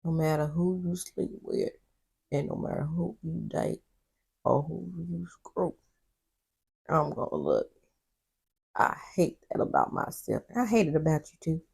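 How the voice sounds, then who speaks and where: A woman's voice: low voice, gravelly, darkish tone, breathy edge, full character voice. A woman doing a hurt, weary man. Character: hurt, weary man pleading with his partner.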